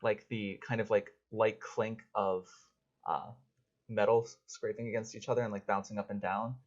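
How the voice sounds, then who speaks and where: A man's voice: on the low side, level tone, normal speed. A man narrating a tabletop game as game master, casual and rambling with many fillers. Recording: dull lo-fi audio.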